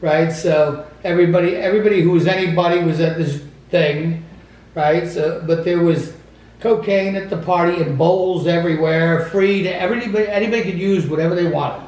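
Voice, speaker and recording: A man's voice: fairly high pitch, normal speed, darkish tone. A man hosting a casual chat, prompting his guest's story and laughing along. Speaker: host. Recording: echoey room, distant mic.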